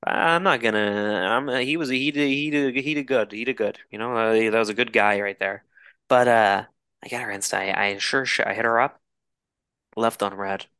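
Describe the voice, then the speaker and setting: Animated young man telling bar stories. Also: medium pitch, moderate pace, clean tone, dry recording, clean studio sound. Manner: animated, rambling storyteller with frequent restarts and swearing. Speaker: podcast co-host. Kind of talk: casual storytelling chat.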